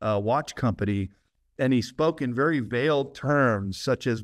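A man's voice: mid-range voice, expressive, normal speed, no echo, studio quality. A man as a guest author on an interview podcast, explaining at length with enthusiasm and frequent laughs.

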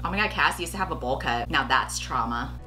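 A woman's voice: rumbling low, expressive, brisk, music in the background, rough recording. A woman hosting a reaction video, chatting casually in a blunt, joking, profane way.

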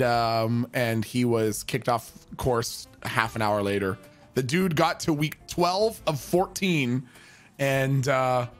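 A man telling a story in a casual, profane, rambling way, full of restarts. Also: medium pitch.

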